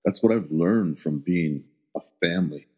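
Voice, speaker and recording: Very deep-voiced man, earnest and halting. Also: a little mellow, husky. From American Southwest. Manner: earnest, halting, searching for words. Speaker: interview guest. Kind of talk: reflective personal storytelling. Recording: dull lo-fi recording.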